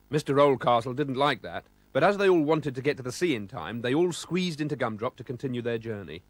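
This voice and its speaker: British man, storybook narrator, expressive, lively pitch, mid voice, dry close sound. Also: a little fast, hardly any pauses, dry recording. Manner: expressive, sound-effect-rich reading.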